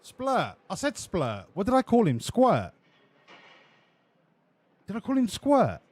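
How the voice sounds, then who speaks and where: A man streaming a racing game live, bantering with his chat in a profane, excitable way. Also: sits high, moderate pace, no room sound.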